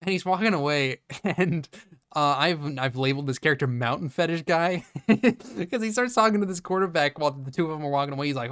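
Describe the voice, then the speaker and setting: A man's voice: fairly high pitch, brisk, fairly bright tone, no echo, studio quality. A man co-hosting a podcast, casually recapping a movie scene by scene, swearing freely and acting out the characters' lines. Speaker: podcast co-host.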